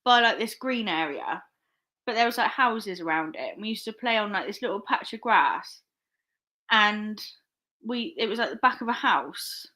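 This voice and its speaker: A woman's voice: medium pitch, animated, normal speed, bright, forceful tone. A young woman chatting casually on a live stream. She rambles, laughs often and swears freely. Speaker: online reseller live-streaming.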